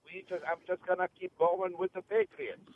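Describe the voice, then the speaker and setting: A man's voice: high voice, wildly swooping pitch, normal speed. A man with a New York accent calling in to a sports radio show and talking in a rambling, chatty way. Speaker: caller. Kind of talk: call-in radio chat. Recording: tinny phone line with faint noise.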